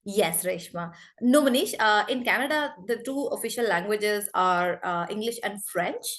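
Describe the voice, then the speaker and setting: A woman in her forties from India, teaching an online spoken English class over a video call in a lively, encouraging way. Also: mid-range voice, normal speed. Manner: lively, encouraging, addresses students often.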